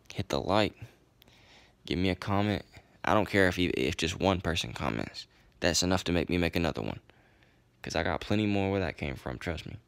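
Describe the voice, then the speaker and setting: A man's voice: low-pitched, creaky, smooth, no echo. A young man, casually telling a story in a rambling, profane way. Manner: profane, rambling, laid-back. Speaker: vlogger.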